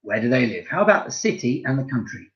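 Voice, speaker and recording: A primary school French teacher gives a home-learning lesson to young children, talking directly to his pupils in a lively, encouraging way and praising them a lot. His voice is medium-pitched and fast, and the sound is lo-fi.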